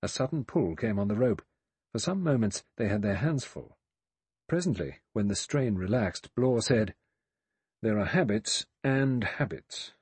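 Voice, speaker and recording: A man narrates a mystery audiobook in a measured, even read. His voice sits low and husky. The recording is dry and close. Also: no echo. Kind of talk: scripted narration.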